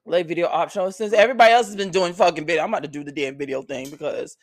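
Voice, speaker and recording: A man hosting a casual podcast with friends, telling stories in a profane, excitable way. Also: a little high, racing. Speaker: podcast host. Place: vacation house.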